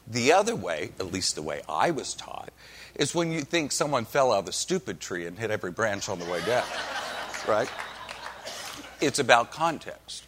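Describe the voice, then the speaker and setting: A man's voice: mid-range voice, big pitch swings, moderate pace, a bit bright, slightly rough. A male pastor from Oklahoma reading scripture and preaching with folksy, wry humor. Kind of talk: sermon with storytelling.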